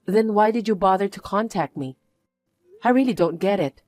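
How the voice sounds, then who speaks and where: Weary, flat-toned woman narrator. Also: mid-range voice, normal speed, no echo, soft background music. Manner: flat, weary, dismissive replies. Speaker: narrator, first-person main character. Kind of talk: dramatized story narration.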